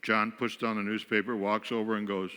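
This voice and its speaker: A guest speaker from western New York tells wry, self-mocking stories about married life from the pulpit. His voice is bright and forceful. It rings with the long reverb of a church sanctuary. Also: lowish voice, flat delivery, brisk, clean tone. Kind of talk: humorous storytelling sermon.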